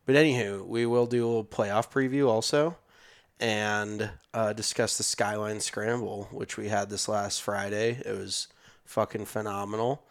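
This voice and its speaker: A man's voice: lowish voice, fairly even intonation, normal speed, creaky. A young man co-hosting a golf podcast in casual, joking chat, swearing freely. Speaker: podcast co-host.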